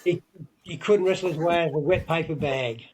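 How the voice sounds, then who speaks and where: A man's voice: on the high side, a little fast, poor audio. A man with an Australian accent, a veteran wrestler giving blunt, emphatic opinions in a casual interview.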